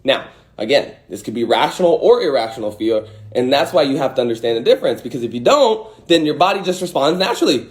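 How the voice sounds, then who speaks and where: A man hosting a livestream, giving a casual motivational talk and acting out angry and scared voices with some swearing. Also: fairly high pitch. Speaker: host.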